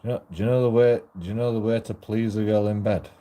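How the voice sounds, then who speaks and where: A man's voice: lowish voice, fairly even intonation, fast talker, warm tone. A man rambling and swearing in a casual walk-and-talk monologue, often cutting himself off mid-sentence. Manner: rambling, profane, self-interrupting. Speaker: auditor vlogger. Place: outdoors while walking.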